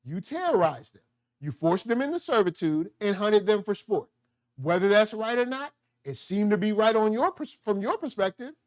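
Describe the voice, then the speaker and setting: A man giving a casual, slangy review of a TV show, animated and quick to act out the characters' lines. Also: high voice. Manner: slangy, animated, acts out quotes. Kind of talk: casual solo TV review talk.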